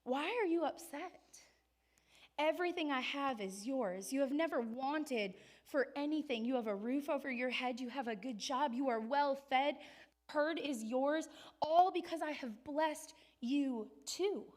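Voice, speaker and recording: A woman's voice: high voice, unhurried. Woman acting as a joyful old father. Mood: gentle. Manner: shouting with joy, later soft and gentle. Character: elderly father, overjoyed then tender.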